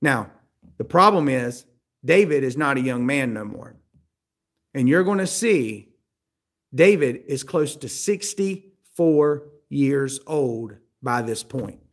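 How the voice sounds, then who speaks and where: A man preaching a sermon, asking the listeners questions and acting out the voices of the people in the story. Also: a little high. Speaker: pastor.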